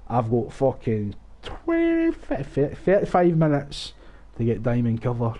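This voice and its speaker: A young streamer with a dark-toned, medium-pitched voice that swoops wildly in pitch talks unhurriedly while playing a shooter at home on a headset. His casual commentary is sarcastic and full of swearing, with frequent laughs.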